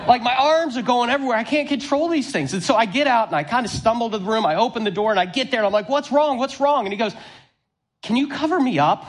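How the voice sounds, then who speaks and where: A man in his thirties with a high, light voice preaches to his congregation. He tells stories with animated, self-deprecating humor, then slows down to read scripture. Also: a little hiss or hum. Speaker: pastor. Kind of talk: sermon.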